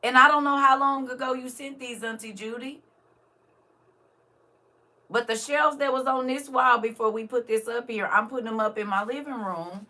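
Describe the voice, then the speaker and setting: An older grandmother vlogger chats on a casual live stream, speaking straight to her viewers. Her voice is bright, a little high and slightly tense, with a steady tone at a moderate pace. She sits somewhat back from the camera mic, so she comes across a bit distant.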